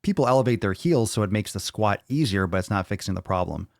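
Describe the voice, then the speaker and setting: Low-voiced guy doing a live fitness q&a, blunt and sweary, dry close mic. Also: expressive, fast talker, creaky, dry recording. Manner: blunt and profane, reads questions aloud then rants. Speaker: fitness podcast host answering viewer questions. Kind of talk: casual live Q&A.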